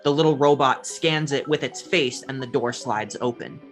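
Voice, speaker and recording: A man's voice: mid-range voice, fairly even intonation, normal speed, fairly bright tone, soft background music. A man narrating as game master of a tabletop game, describing scenes casually with lots of fillers.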